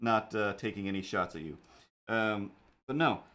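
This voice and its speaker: A man's voice: lowish voice, normal speed, pushed and bright. A man hosting a casual drawing livestream, talking in a rambling, jokey way with lots of fillers and asides. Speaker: livestream host and artist.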